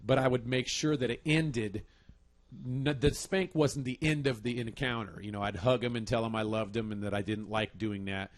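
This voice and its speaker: Guy in his 30s on a podcast, cussing a lot, laughs at his own stories, middling pitch. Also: normal speed. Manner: profane, laughing storyteller. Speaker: podcast host. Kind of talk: casual chat.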